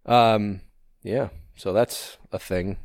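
Laid-back, low-voiced man chatting. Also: fairly even intonation, takes it slowly, a little mellow, no room sound, clean studio sound. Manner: laid-back, swears often, many fillers. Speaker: podcast co-host. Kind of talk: casual chat.

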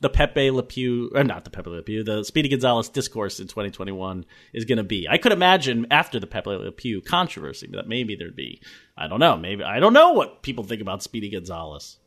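A man's voice: lowish voice, sing-song, fairly quick, a bit bright. A man on a casual podcast panel over a video call, thinking aloud with hesitant asides.

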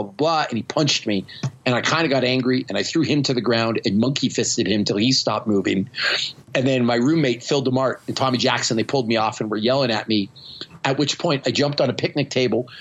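A man's voice: mid-range voice, a bit bright, slightly rough, lo-fi sound. A man hosting a podcast, telling stories in a blunt, profane, self-mocking way. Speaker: podcast host. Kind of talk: casual storytelling chat.

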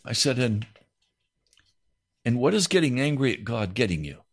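A man preaching a sermon as a pastor, voice rising into high, pleading questions. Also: big pitch swings, normal speed.

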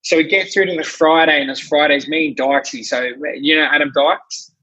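A man with an Australian accent, a fitness trainer telling his story in a casual chat, animated and blunt, swearing freely. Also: a little high, a little fast, breathy edge, dull audio. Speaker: fitness trainer and gym owner.

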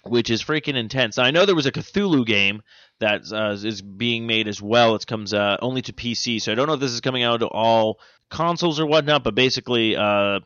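A man hosting a casual podcast, joking and crude, often pausing with "uh" and "um". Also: medium pitch, fairly bright tone, no room sound, highs cut off. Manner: joking, crude, fills pauses with "uh" and "um". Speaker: podcast host. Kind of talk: casual chat.

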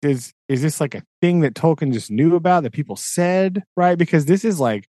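A man's voice: fairly high pitch, expressive, normal speed, mellow, no room sound. Podcast guy rambling casually, lots of likes and rights, dry close sound. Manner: chatty, peppers talk with "right?" and "like". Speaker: podcast co-host. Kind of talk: casual chat.

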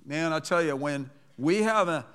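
A man's voice: fairly high pitch, animated, normal speed, a bit bright, smooth, long reverb tail. A man preaching a sermon as pastor, conversational at times and rising to fervent, emphatic scripture reading, calling on the congregation to repeat lines. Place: church sanctuary.

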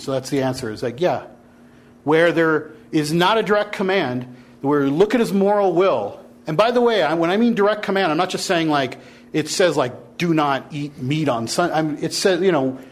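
A man teaches a Bible class in a lively, animated way, dropping his voice and then lifting it again. He keeps prodding his students to argue with him. His voice sits a bit high for a man. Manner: animated, challenging students to push back. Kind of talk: interactive classroom lecture.

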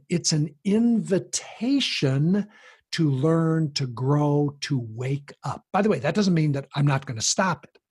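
A man explaining a parenting approach in conversation, animated and acting out the voices of people he quotes. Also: fairly high pitch, husky.

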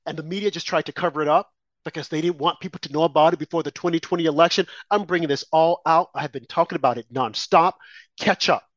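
A man hosts a talk show and delivers a heated political monologue, firing off rhetorical questions with indignant emphasis. His voice sits fairly high. The sound is dry and slightly dull. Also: fast, no echo.

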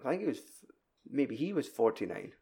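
A man's voice: medium pitch, big pitch swings, a little fast, vocal fry, warm tone, slightly rough. A man co-hosting a podcast in casual, rambling chat, often correcting himself. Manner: rambling, chatty, self-correcting. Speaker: podcast co-host.

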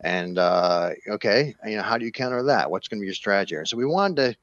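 A man being interviewed as a game developer, explaining in a relaxed way with plenty of "you know" fillers. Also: on the low side, fast talker, dry recording, muffled recording. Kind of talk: casual interview talk.

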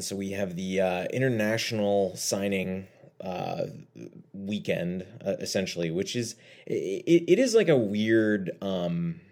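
A man with a very deep voice co-hosting a sports podcast. He rambles along playfully, full of fillers and asides. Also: a little mellow. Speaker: podcast co-host. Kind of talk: casual podcast chat.

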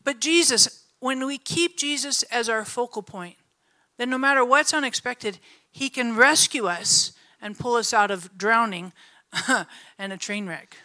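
Bright, animated middle-aged woman preaching. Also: fairly high pitch, measured pace. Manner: animated storytelling with frequent laughter. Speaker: pastor. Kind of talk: sermon.

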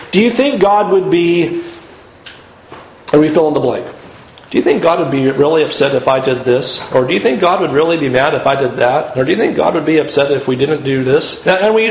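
A man preaching a sermon in an earnest, emphatic way, pushing his pitch up to stress his points. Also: roomy sound, muffled recording, a little hiss or hum.

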